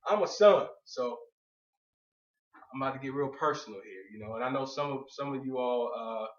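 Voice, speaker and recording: A man's voice: medium pitch, steady tone, brisk, a bit bright. A man giving a casual faith talk to a group. He jokes, goes off on tangents and keeps asking "you know what I'm saying". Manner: loose, joking, goes on tangents. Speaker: speaker on faith. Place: room with an audience. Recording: echoey room, distant, dull.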